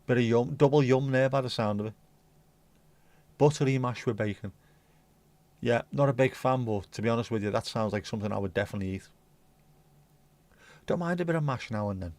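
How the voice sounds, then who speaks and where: Gravelly man, blunt chatty host. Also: mid-range voice, brisk, long pauses, darkish tone, dry recording. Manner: rambling, blunt and sweary. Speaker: livestream host. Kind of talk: casual chat reading viewer comments.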